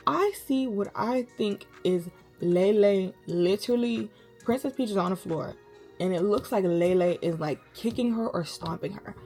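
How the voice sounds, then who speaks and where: A young woman vlogger telling a story in a slangy, animated way, full of dramatic asides. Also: lowish voice. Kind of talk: storytime vlog.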